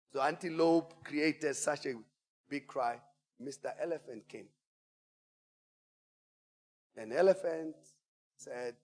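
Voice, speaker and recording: Animated preacher, high voice. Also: male voice, slow, long pauses. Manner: animated storyteller, call-and-response, swings from hushed to shouting. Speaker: pastor. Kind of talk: sermon. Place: church auditorium. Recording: church hall reverb.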